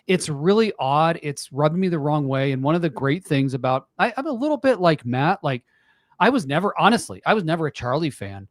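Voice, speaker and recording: A man's voice: on the high side, sing-song, normal speed, no room sound, clean studio sound. A man in his forties, a podcast guest in casual chat, talking earnestly and emphatically and repeating himself.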